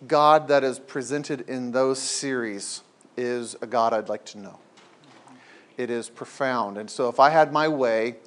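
A man teaching a small faith group in a meeting room, talking casually and hesitantly, with restarts. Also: medium pitch.

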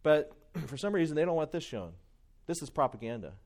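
A man preaching a sermon, emphatic, repeating his key questions and swinging between loud stresses and quiet asides. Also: fairly high pitch, very animated, a little fast.

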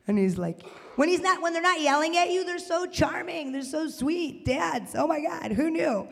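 A woman works a live crowd in a stand-up comedy set. Her delivery is animated, and she breaks into loud shouted bits for the punchlines. The sound is roomy, with a long reverb trailing behind her in the venue. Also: sits high, moderate pace, gravelly.

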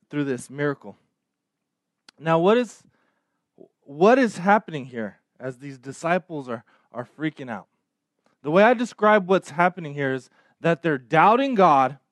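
Preaching in a conversational style, this man keeps restarting words and asking his listeners "right?" His voice is on the high side, with no room sound.

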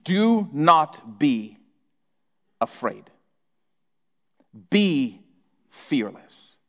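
A male pastor preaches with a high, very expressive voice that swoops up and down. He takes his time, letting each phrase land slowly. His voice rings out with the long reverb of a large hall. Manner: animated preaching, speaking as Jesus in first person. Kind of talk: sermon.

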